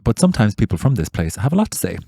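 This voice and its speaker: A young Irish man, a podcast co-host, telling a sweary, animated story in casual chat. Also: on the low side, racing, creaky, husky, no echo, clean studio sound. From Ireland. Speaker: podcast co-host and tour guide.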